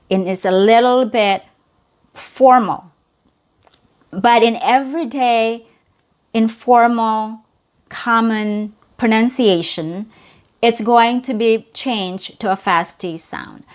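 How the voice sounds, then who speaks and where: A woman teaching an English pronunciation lesson, saying each example word slowly and repeating it. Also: a little high.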